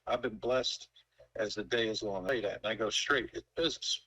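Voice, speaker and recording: A man's voice: lowish voice, a little fast, sharp tone, poor audio. A man in his sixties who owns a pool company, talking casually and emphatically in a folksy, storytelling way. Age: 60s. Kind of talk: casual sales call.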